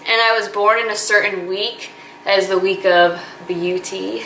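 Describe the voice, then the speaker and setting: A woman's voice: medium pitch, steady tone, unhurried, sharp tone. A woman in her twenties talking earnestly to camera in a casual vlog, chatty and gushing with lots of fillers. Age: 20s. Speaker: vlogger. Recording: echoey room with faint ambient noise.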